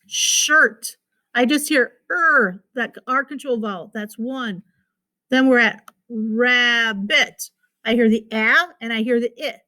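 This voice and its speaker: A woman's voice: fairly high pitch, a little slow, pushed and bright. A woman teacher giving a recorded phonics lesson to children, patiently repeating words and sounding out their syllables.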